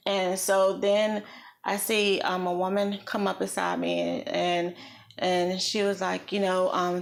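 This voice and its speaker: A woman vlogger recounting a personal experience in an earnest, reflective way, slow and halting with many pauses. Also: lowish voice, fairly even intonation, gravelly. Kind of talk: personal storytelling.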